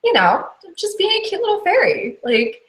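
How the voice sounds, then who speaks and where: Brief: a tiny sarcastic fairy girl, high and chirpy, put on by a woman narrator. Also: sing-song, normal speed, fairly bright tone, echoey room, full character voice. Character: cute sarcastic little female fairy.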